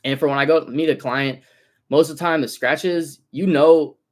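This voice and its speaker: A young man, a car detailer telling stories on a casual livestream, animated and slangy, swearing freely. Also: fairly high pitch, moderate pace.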